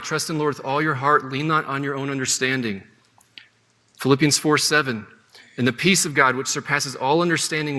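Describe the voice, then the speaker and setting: A man's voice: on the high side, pushed and bright. A man teaching a Bible lesson in a conversational way, often checking in with his listeners. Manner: conversational, often asks "right?". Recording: long hall reverb.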